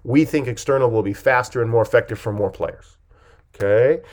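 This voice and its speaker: A man coaching his listeners on a podcast, speaking at an ordinary mid pitch. He presses his points with lively jumps in pitch and loudness. He keeps checking in with a quick "okay?". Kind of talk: podcast talk.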